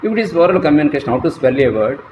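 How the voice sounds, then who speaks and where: A man giving a slow, deliberate classroom lecture as a college lecturer, spelling words out letter by letter. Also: fairly high pitch, big pitch swings, a little mellow. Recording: echoey room, faint traffic noise.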